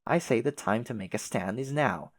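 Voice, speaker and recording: A man's voice: medium pitch, expressive, normal speed, no room sound, natural voice. A man voicing a fussy, long-winded advisor who speaks in a put-on British manner, formal and wordy. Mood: rousing. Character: prim, verbose troll advisor putting on a British manner.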